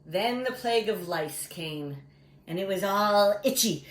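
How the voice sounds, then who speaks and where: A woman preschool teacher telling a story to small children in a playful, animated way. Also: medium pitch, measured pace. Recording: roomy echo with faint background noise.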